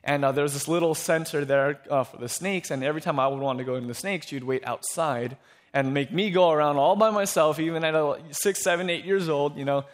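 A young male pastor with a fairly high voice preaches at a fairly quick pace. He tells stories conversationally and asks the crowd questions.

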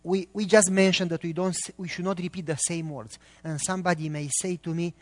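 A man's voice: sits high, steady tone, a little fast, in a large hall. A middle-aged man, preaching a sermon as a pastor and quizzing the congregation with emphatic questions.

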